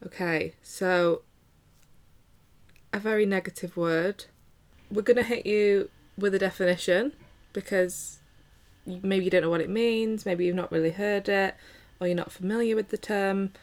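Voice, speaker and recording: A woman chats casually as a podcast co-host, keeping things jokey and loose. Her voice sits at an ordinary middle pitch. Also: steady tone, moderate pace. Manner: chatty, jokey, sings snatches of songs. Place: bedroom with traffic outside.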